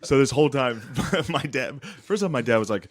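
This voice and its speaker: Guy chatting on a podcast, laughs a ton, swears, bouncy pitch, dry sound. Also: animated, normal speed, no room sound, soft background music. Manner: laughs often, swears a lot. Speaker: podcast co-host. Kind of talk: casual banter.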